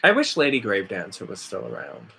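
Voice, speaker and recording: A man's voice: lowish voice, huge pitch swings, fast talker, gravelly, pushed and bright, breathy edge. A man vlogging casually, rambling and sarcastic as he rants. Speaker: witchcraft vlogger. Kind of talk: casual ranting vlog.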